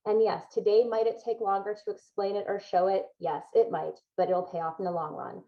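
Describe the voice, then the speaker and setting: A woman's voice: medium pitch, flat delivery, fairly quick. Woman guest, emphatic and upbeat, advice-giving, muffled lo-fi sound. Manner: emphatic, upbeat, laughs between points. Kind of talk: podcast interview, giving advice.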